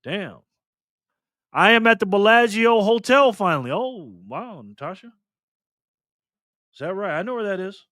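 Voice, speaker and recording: A man's voice: high-pitched, expressive, measured pace, pauses often, pushed and bright, no room sound, studio quality. Chatty man hosting a live stream. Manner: laid-back, joking, chatty, reads chat aloud. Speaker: livestream host. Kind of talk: casual live-stream chat reading donations.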